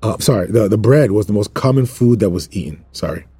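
Deep, husky man preaching informally. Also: animated, fairly quick, dark tone, dry recording. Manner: repetitive, emphatic, jokes and asides to viewers. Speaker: preacher teaching a Bible study. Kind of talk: informal sermon teaching.

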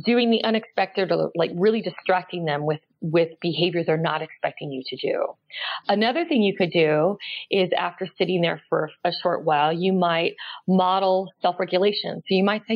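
Calm low-voiced woman, gravelly edge. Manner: calm, measured, gently explanatory. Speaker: parenting expert guest. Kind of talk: explaining parenting tips in an interview. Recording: slightly dull lo-fi sound.

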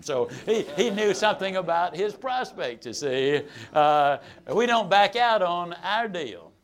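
Folksy man telling a sales story. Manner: folksy, humorous storyteller with dramatic swings in pitch and loudness. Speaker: sales trainer.

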